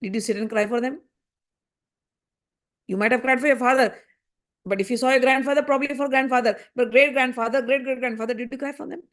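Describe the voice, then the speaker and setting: A woman's voice: high voice, fast, pauses often, lightly acted. A woman voicing a young sage's son who patiently explains and probes with rhetorical questions. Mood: probing. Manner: probing rhetorical questions, steady.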